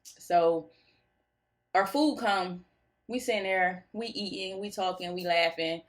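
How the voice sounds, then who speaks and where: A woman's voice: fairly low pitch, slow. A young woman tells a story to her followers in a goofy, laid-back way. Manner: goofy, laughs easily, animated retelling. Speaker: vlogger telling a story. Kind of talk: casual storytime chat.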